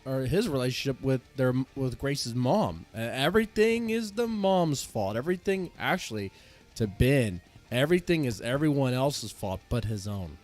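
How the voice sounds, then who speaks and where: A man's voice: medium pitch, big pitch swings, moderate pace, a little mellow, soft background music. A man hosting a live stream, reacting to a debate and greeting viewers in loose, rambling casual commentary that restarts often.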